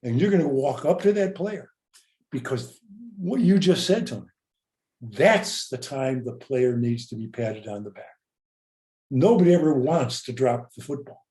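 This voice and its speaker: A man's voice: mid-range voice, animated, normal speed, dark tone, reverberant. An older man hosting a podcast, reflecting earnestly and often repeating words as he speaks. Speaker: podcast host. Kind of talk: reflective interview talk.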